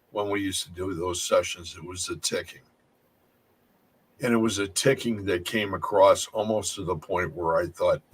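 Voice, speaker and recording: A man with a low-pitched, husky voice tells stories in a relaxed group chat. He rambles, circles back and restarts his sentences as he goes. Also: low-quality recording. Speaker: paranormal investigator. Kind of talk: casual storytelling chat.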